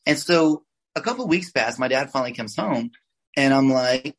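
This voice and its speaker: A man in his forties from Oklahoma, a guest telling lively, salty stories from his childhood in a casual interview. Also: mid-range voice, moderate pace, rough recording. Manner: animated, swears, acts out quoted voices. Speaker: guest, oral surgeon.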